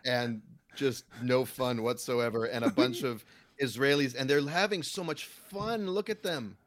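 A man's voice: mid-range voice, measured pace, a bit bright. Sarcastic man on a podcast. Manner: sarcastic, joking. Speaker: podcast guest. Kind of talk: casual podcast chat.

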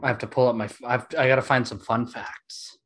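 A man's voice: medium pitch, flat delivery, fairly quick, a bit bright, husky. A man hosting a casual podcast chat, talkative and self-deprecating, often laughing. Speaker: podcast host.

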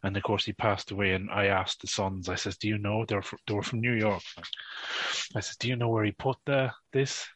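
A man's voice: fairly low pitch, level tone, a little fast, fairly bright tone, no room sound. Irish man telling a rambling story. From northwest Ireland. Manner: rambling storyteller, laughs often. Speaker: podcast guest. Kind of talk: casual chat. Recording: dull, dry lo-fi sound.

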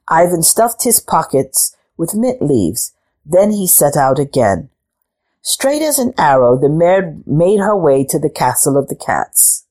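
Storybook narrator, woman, unhurried with a lively melody. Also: deep voice. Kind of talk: picture book read-aloud.

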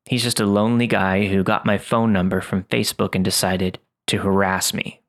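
Low guy with a gravelly voice reading creepy stories, steady and even. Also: moderate pace. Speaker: horror story narrator. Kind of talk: scripted narration.

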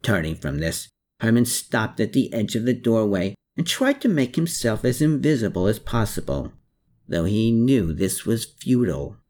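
A male narrator reads a novel aloud in steady, scripted storytelling. His pitch rises and falls in a lively way. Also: moderate pace, a little hiss or hum. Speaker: audiobook narrator.

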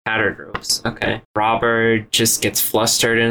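A man's voice: fairly low pitch, completely flat delivery, unhurried, creaky, sharp tone, a little hiss or hum, low-quality recording. A man playing a tabletop game, describing what his character does in a casual way. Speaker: player.

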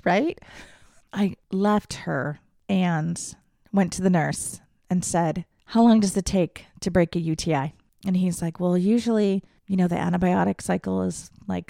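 Woman, candid storyteller, dark mellow tone, dry room. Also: lowish voice, vocal fry, no room sound. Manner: candid, swears freely, acts out quoted voices. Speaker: podcast host. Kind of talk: personal storytelling.

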